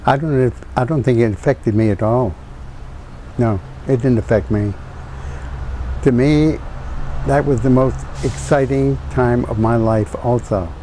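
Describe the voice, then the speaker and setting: An older man speaks in a mellow, warm tone, cheerful and reflective as he answers interview questions. Faint noise sits in the background. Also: mid-range voice, measured pace, rough recording. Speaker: interviewee, former POW pilot.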